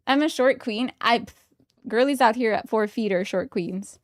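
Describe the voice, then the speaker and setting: High-voiced, excitable woman streamer. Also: dry recording, clean studio sound. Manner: excitable and giggly, gushing over cards. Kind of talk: casual live-stream chat while opening trading cards.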